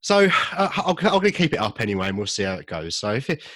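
A man's voice: fairly low pitch, sing-song, quick pace, fairly bright tone, no echo. A young man co-hosting a podcast, rambling and joking at his own expense, laughing often. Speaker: podcast co-host. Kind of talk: casual chat.

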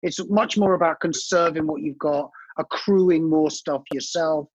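A man's voice: fairly high pitch, a little slow, dry recording. A man hosting a casual chat, musing reflectively and asking for agreement. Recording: dull lo-fi podcast recording.

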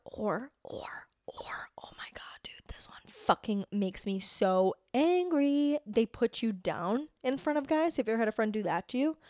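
A woman's voice: mid-range voice, darkish tone, dry recording. Brief: young woman podcast host, casual solo rant, blunt and profane, dry close mic. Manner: blunt, profane, lots of "like" fillers.

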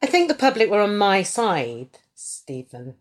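Lively, low-voiced woman chatting. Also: unhurried. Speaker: guest actor. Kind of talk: chatty podcast interview.

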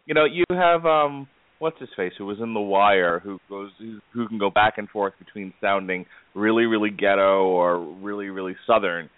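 A low-pitched man chats loosely about films as a podcast host, rambling through his points with fillers and laughs. The sound is thin and phone-like, very dry and close. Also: moderate pace, dry recording. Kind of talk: casual movie chat.

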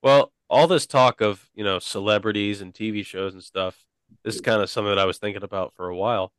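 A man's voice: on the low side, fairly even intonation, quick pace, smooth, no echo. A young man co-hosting a podcast in casual chat, laid-back, often saying "like" and "dude". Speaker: podcast co-host.

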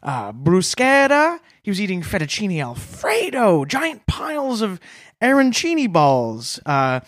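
A man's voice: high voice, wildly swooping pitch, unhurried, a bit bright, dry recording, studio quality. A man co-hosting a comedy podcast, telling absurd made-up stories in a mock-serious, straight-faced way. He is from Toronto. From Toronto, Canada. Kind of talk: deadpan comedic storytelling.

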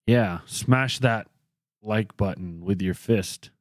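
A man's voice: fairly low pitch, slow, no room sound, clean studio sound. A man co-hosting a casual podcast, chatty and a little rambling, poking fun at himself. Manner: chatty, rambling, self-deprecating. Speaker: podcast co-host. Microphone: studio podcast microphone.

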